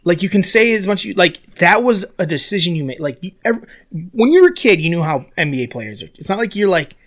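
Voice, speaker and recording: Animated young man ranting about sports. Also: high-pitched, fast. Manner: animated, swearing, mocking impressions. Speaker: podcast co-host. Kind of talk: casual sports chat.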